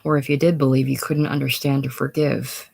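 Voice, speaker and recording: A reader voicing a weary, cynical man worn down by grief and drink, in a listless monotone, in a casual play reading. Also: mid-range voice, fairly quick, creaky.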